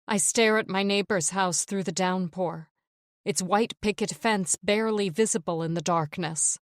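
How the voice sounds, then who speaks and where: A woman narrating a first-person psychological thriller audiobook in a measured, tense read. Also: lowish voice, no room sound, clean studio sound.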